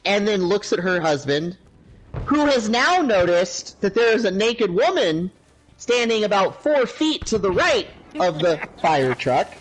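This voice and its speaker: Animated, high-voiced male storyteller. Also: measured pace. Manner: animated, profane anecdote-teller. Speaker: gaming livestreamer. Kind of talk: casual storytelling on a livestream.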